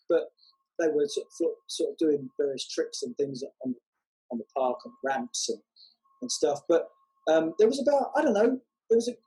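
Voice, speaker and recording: A man telling a testimony story as a guest, unhurried and halting with many fillers. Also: on the high side, mellow, breathy edge, low-quality recording. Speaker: guest, walking evangelist.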